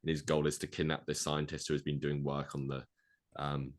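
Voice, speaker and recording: A man co-hosting a podcast, rambling through a movie plot pitch with lots of fillers and acted-out quotes. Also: monotone, brisk. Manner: rambling, filler-heavy, acts out quoted lines. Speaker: podcast co-host.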